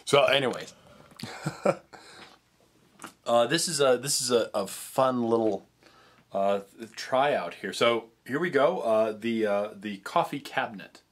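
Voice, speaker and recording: A man's voice: medium pitch, slow pace, pauses often. A young man chatting casually in a food review vlog, rambling with frequent restarts and stumbles. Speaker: vlogger tasting treats.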